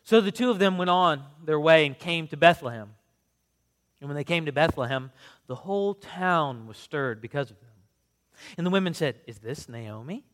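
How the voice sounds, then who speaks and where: A man, a pastor, reading scripture and praying in an earnest, measured way, then reading from a book. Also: on the high side, expressive, a bit bright, long reverb tail. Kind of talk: sermon reading.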